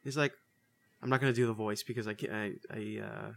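A man's voice: fairly low pitch, steady tone, a little fast, vocal fry, a bit bright. Laid-back man rambling through a review. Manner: loose, profane, rambling with fillers and restarts. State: says he is a little high. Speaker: podcast co-host. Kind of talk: casual movie review chat.

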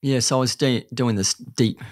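A man's voice: mid-range voice, steady tone, normal speed, no room sound, studio quality. A man with a New Zealand accent, telling his story earnestly and chattily as a podcast guest, often calling the host mate. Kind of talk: candid storytelling interview.

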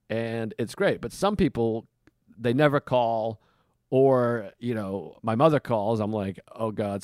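A man hosting a podcast in casual chat, recorded in a hotel room, who acts out the people he quotes with sudden jumps in pitch. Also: a little mellow, dry recording, clean studio sound. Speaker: podcast host.

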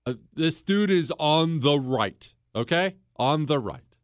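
Man, young adult, podcast host, fairly high pitch, dry sound, emphatic, rhetorical, repeats words. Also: expressive, slow pace, no room sound. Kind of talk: political commentary monologue.

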